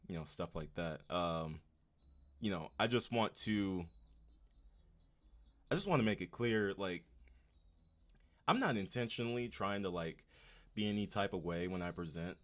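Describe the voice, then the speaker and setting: A man's voice: low-pitched, measured pace, pauses often. A man hosting a casual livestream, talking straight to his chat in laid-back slang. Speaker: livestream host.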